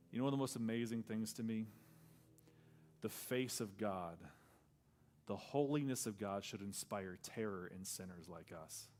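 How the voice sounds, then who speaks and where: A male pastor preaching a sermon in a conversational style, acting out quoted lines and dropping to a soft near-whisper on key words. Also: lowish voice, normal speed.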